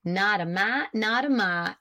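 A woman's voice: mid-range voice, expressive, measured pace, creaky, a bit bright. Woman reading as a nervous old rustic man with a drawling country dialect, for a storybook. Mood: earnest. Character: old rustic New England man, anxious, folksy.

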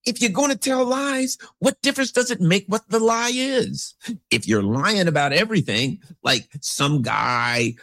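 In an unhurried voice with no echo, a man rambles through a casual commentary monologue. He's animated, swooping through big pitch jumps and acting out the characters in his anecdotes.

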